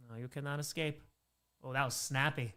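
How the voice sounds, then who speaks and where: A man's voice: mid-range voice, fairly even intonation, fairly quick, bright, forceful tone. A man hosting a charity livestream, reading out donations and bantering with chat, sometimes in character as a made-up persona.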